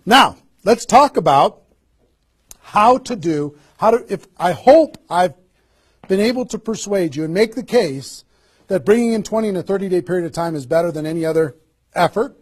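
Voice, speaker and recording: Delivering a motivational seminar at a normal speed, this man sounds fairly high and a touch husky. He's a network marketing trainer who coaches with energy, peppering the room with rhetorical questions meant to spur people into action.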